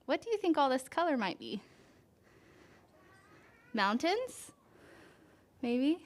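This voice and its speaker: A woman with a high voice reads a picture book aloud to children at a church service. She takes it slowly and gently, stopping often to ask the children questions. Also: sing-song. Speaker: children's story reader.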